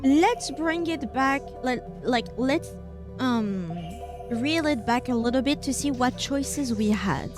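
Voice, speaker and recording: A woman's voice: sits high, animated, slow. A woman streamer casually talking through a story game, thinking aloud about which choices to make. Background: game music.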